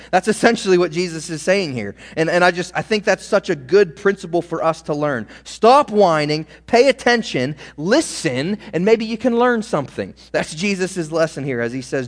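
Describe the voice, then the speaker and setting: A man delivers a sermon with lively, animated swings in his voice, acting out the crowd and quoting scripture. His voice sits fairly high for a man. The sound carries a long reverb, as in a large church hall. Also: a little fast. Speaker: pastor.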